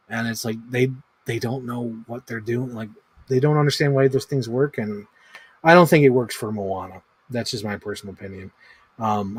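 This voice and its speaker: A man in his thirties at a middle pitch, riffing loosely on a live stream as he ranks films. He rambles, swears freely and leans on "like" constantly. The sound is dry and close, with no room echo. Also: husky. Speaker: movie ranking streamer. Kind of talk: casual livestream commentary.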